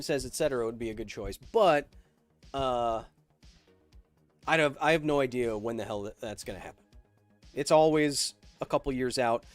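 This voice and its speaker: Rambling male livestream host. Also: mid-range voice. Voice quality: rambling, filler-heavy, reads chat questions aloud. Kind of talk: livestream Q&A chat.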